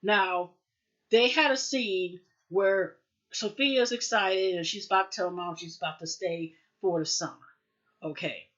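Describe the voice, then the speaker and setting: A woman hosting a casual TV episode review, rambling through the plot with lots of "you know" and "like.". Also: a little slow. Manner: chatty, rambling, heavy with fillers like "you know" and "like"; jumps into higher, louder voices when quoting characters. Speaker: TV show reviewer, host. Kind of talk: casual spoken episode recap. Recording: dull lo-fi audio.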